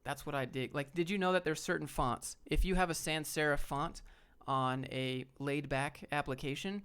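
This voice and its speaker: A man with a fairly high, clean, resonant voice talks casually on a livestream. He is blunt and relaxed, swears offhand and speaks directly to his viewers. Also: normal speed, smooth. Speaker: livestream host giving job advice.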